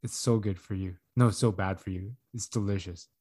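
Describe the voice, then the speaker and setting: A man's mellow, steady voice, fairly quick and with a breathy edge, carries a rambling, profane story on a laid-back podcast. He laughs often and mimics quoted speech in a higher tone.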